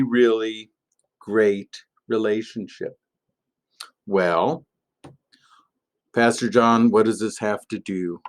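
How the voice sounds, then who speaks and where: A pastor gives a family message in a gentle, playful storytelling manner, pausing often between thoughts. His voice sits on the low side for a man, and he speaks at a very unhurried pace. The tone is easygoing and homely. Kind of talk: children's object-lesson sermon.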